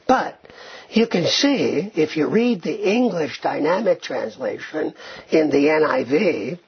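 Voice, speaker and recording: A slow, deliberate male teacher lecturing on scripture and Hebrew wording. His voice is very raspy with a gravelly edge. He keeps asking "right?" to carry the class along, and the recording sounds dull and lo-fi. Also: on the high side. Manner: checks in with frequent "right?"; reads Hebrew passages aloud. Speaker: Bible teacher.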